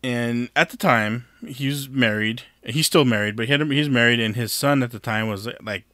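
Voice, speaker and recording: Bright-voiced man telling a rambling story. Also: mid-range voice, normal speed, dry recording, clean studio sound. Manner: rambling, swearing, laughing often, lots of fillers and restarts. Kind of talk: casual storytelling chat.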